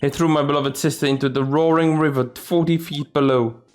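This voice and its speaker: A man voicing a desperate, grieving convict who speaks in halting, broken English. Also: fairly high pitch, fairly even intonation, a little mellow, faint music behind, voice pushed up, close to an everyday voice.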